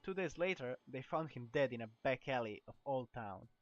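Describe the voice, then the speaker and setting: A man's voice: medium pitch, animated, moderate pace, faint music behind, close to an everyday voice. A man with a Croatian accent voicing a gossipy, chatty female weapon shopkeeper in a game, reading her lines with stumbles and restarts. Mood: wary. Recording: dull lo-fi recording.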